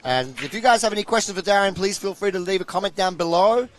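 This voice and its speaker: A man's voice: high-pitched, fast. A man hosting a live pool stream, eagerly promoting it and commenting at length.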